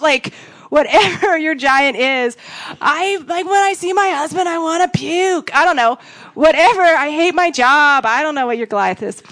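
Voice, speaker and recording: A woman giving a casual, conversational sermon, acting out voices with sudden big jumps in pitch. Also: moderate pace, fairly bright tone. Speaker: preacher.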